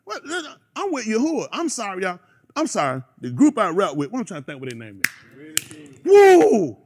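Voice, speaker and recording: A man hosting a radio show, ranting in an animated, rambling casual chat. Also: sits high, a little fast, background noise.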